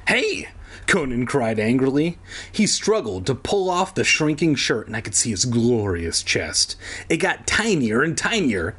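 Male comedy host, husky voice, animated sarcastic read-aloud with crude asides. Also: medium pitch. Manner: sarcastic, swears in asides, breaks off to laugh. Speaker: podcast host reading a kids' book aloud.

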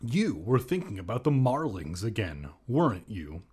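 A man's voice: lowish voice, big pitch swings, normal speed, a little mellow, slightly rough. A man voicing a middle-aged aunt who prods and nags, in a raised voice. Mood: prodding.

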